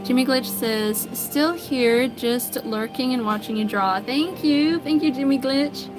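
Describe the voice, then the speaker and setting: A woman's voice: high-pitched, unhurried. An American woman hosting an art livestream, greeting viewers by name and reading their comments in a friendly, casual chat. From United States. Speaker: livestream artist host. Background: background music.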